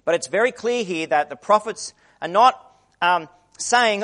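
Middle-aged guy preaching, high voice that swings all over, chatty sermon. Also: lively intonation, unhurried, fairly bright tone. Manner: conversational, acts out quoted voices.

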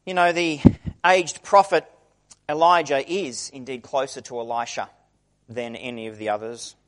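A man's voice: mid-range voice, fairly even intonation, moderate pace, a bit bright. A middle-aged man preaching a conversational sermon, acting out the quoted voices he describes.

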